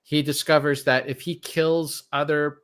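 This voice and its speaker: A man's voice: on the high side, little pitch movement, a bit bright, clear, resonant tone. Rambling man chatting about movies. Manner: rambling, halting, many restarts. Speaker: podcast co-host. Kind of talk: casual chat about movies.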